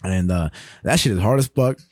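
Young man, podcast co-host, casual chat, lively swooping voice, laughs a lot, swears, dry close sound. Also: deep voice, moderate pace, husky, dry recording. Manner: laughs often, swears freely, acts out people he talks about.

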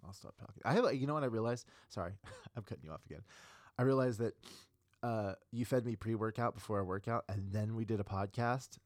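Very deep-voiced rambling man. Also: darkish tone, no echo, studio quality. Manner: rambling, self-interrupting, apologetic asides. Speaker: podcast co-host. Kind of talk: casual podcast chat.

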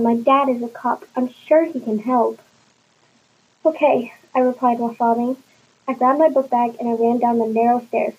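A woman's voice: a little high, slightly rough, highs cut off. A woman reading a first-person story aloud in a plain storybook manner, slipping into small voices for the dialogue. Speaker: narrator.

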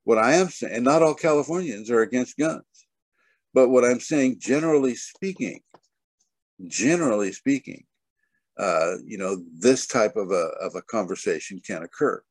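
A man's voice: medium pitch, animated, normal speed, dry recording. A man giving a spiritual teaching over a video call, rambling and filling his talk with "you know" and "okay". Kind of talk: spoken online teaching.

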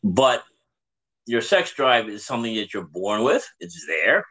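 A man with a fairly low voice hosts a casual podcast. He reflects aloud and tells stories at an easy pace. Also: big pitch swings, measured pace, a bit bright, slightly rough, poor audio. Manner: reflective storyteller. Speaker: podcast host.

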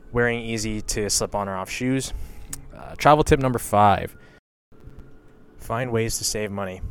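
A young man with a smooth, fairly low voice hosts a casual solo podcast. Hailing from western Canada, he's blunt and rambles, swears freely, and often reaches for "you know" and "like."

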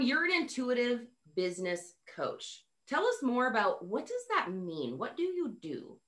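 A woman's voice: medium pitch, a bit bright. Gushy podcast host lady, montana-canadian-midwest accent, voice bouncing all over. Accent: mixed Montana, Canadian and Midwestern. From North America. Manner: gushing, effusive, lots of exclamations. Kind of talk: enthusiastic podcast interview.

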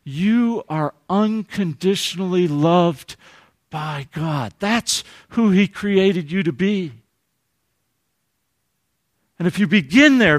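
A man preaching a sermon as pastor, earnest, moving from lively passages to hushed, tender ones. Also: high-pitched, no echo, clean studio sound.

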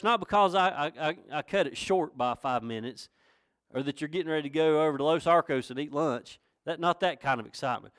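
A man's voice: fairly high pitch, fairly quick, fairly bright tone, clear, resonant tone, no room sound, studio quality. A man pastor from North Carolina with a Southern accent, preaching a sermon in a folksy, conversational way that rises to emphatic questions. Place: church.

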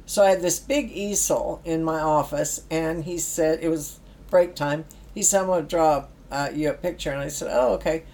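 A woman's voice: low-pitched, moderate pace, few pauses, mellow. A middle-aged woman telling stories in casual chat, acting out quotes and laughing often. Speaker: guest telling stories about work with youth.

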